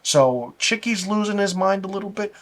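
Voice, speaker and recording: A man's voice: high voice, lively intonation, normal speed. A man reviewing a TV episode in a casual, rambling recap. He is enthusiastic, uses many fillers, and often says "like". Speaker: TV episode reviewer, channel host.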